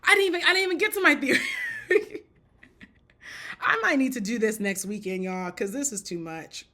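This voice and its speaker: Blunt, joking woman with a bright voice. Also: fairly high pitch, expressive, normal speed. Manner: blunt, joking, self-interrupting, laughs often; repeats and restarts phrases. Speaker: commentator. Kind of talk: casual spoken commentary.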